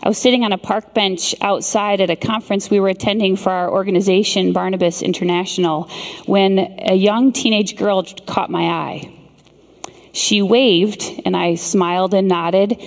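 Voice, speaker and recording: A middle-aged woman preaches in a large hall, her earnest storytelling slowed by dramatic pauses. Her voice sits at an ordinary pitch. Long reverb trails after each phrase. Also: steady tone. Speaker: speaker. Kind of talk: sermon with storytelling.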